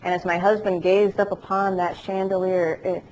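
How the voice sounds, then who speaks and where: A woman teaching a class as an educator, telling animated stories with jokes along the way. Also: on the low side, normal speed, a little hiss or hum, rough recording. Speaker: dementia care educator. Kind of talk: lecture to a class, also telecast. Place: classroom or lecture hall.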